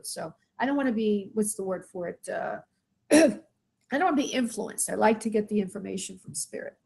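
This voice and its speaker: A woman's voice: mid-range voice, gravelly, darkish tone. A middle-aged woman, a spirit medium, gives live readings to callers, calling them sweetheart and honey and asking spirit yes-or-no questions. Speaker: spirit medium hosting a call-in show.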